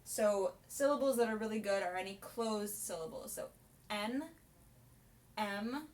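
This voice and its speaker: A woman's voice: medium pitch, fairly quick, darkish tone. A young woman, a soprano singing teacher, chatting through a casual vocal lesson in an explanatory way. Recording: voice from a distance, piano behind.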